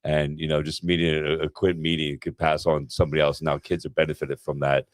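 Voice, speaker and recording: A man's voice: extremely low pitch, flat delivery, fast, dry recording. A middle-aged man hosting a podcast in casual chat, laid-back and calling people "bro" and "man". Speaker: podcast host.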